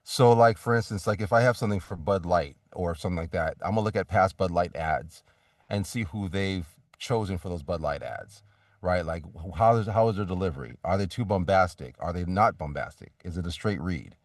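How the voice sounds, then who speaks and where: A voice actor talking casually as a guest in an interview, rambling with many restarts and fillers. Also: male voice, deep voice, fairly quick, no room sound, distant mic.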